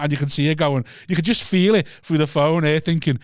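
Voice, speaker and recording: A man with a Liverpool accent telling a sweary, animated story on a podcast, acting out his own shouting. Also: on the high side, brisk, few pauses, smooth, no echo, studio quality. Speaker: podcast co-host and stand-up comedian. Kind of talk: casual chat, storytelling rant. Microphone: studio mic.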